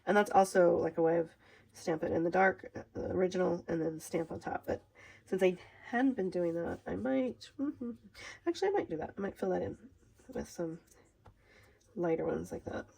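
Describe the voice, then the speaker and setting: A woman with a Minnesotan accent walks through a craft project in a loose, rambling, chatty way. Her voice sits a little low, with a gravelly edge and a husky, breathy grain. She keeps laughing at her own slips as she goes. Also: normal speed, darkish tone, rough recording. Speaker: craft demonstrator. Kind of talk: casual craft tutorial.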